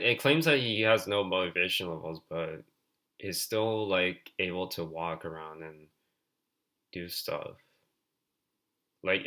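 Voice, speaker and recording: A man's voice: sits low, sharp tone. A man streaming a game, reading its text aloud and commenting in a rambling way, full of filler words.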